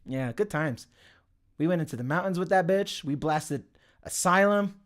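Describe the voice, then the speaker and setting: A young man chats with viewers on a relaxed livestream, reading their messages. His voice is a little high with lively intonation at normal speed, and he rambles, swears and laughs often.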